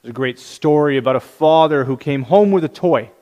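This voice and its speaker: A man's voice: a little high, brisk, a little mellow. A male pastor giving a sermon, telling light humorous stories, in a reverberant hall.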